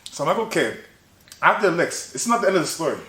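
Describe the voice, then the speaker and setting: Young man telling a lively story. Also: high-pitched, rapid-fire. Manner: animated, laughing, repeats "bro" often. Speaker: podcast host. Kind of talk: casual storytelling chat. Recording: roomy echo, faint noise.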